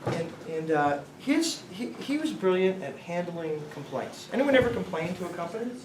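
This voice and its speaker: A middle-aged man with a slightly high voice gives a loose, rambling talk to a class, throwing questions out to the audience. He sounds set back from the mic in a roomy lecture space with faint background noise. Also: sing-song, normal speed, a little mellow, distant mic. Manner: rambling storyteller, quizzes the audience. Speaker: guest speaker, company founder. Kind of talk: informal lecture to students.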